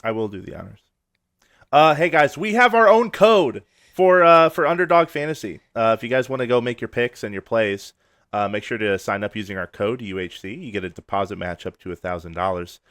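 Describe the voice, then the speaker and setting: A man co-hosting a podcast, relaxed and jokey, with lots of "uh" fillers. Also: mid-range voice, brisk, dry recording, clean studio sound. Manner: laid-back, filler-heavy, jokey. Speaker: podcast co-host. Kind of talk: casual podcast chat and sponsor read.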